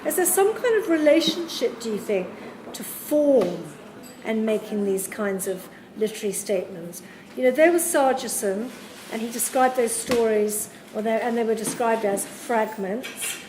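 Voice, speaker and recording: A woman's voice: fairly high pitch, expressive, normal speed. Woman interviewer in an echoey room. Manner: thoughtful, searching questions. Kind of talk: literary conversation at a public event. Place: university event room. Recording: echoey room with background noise.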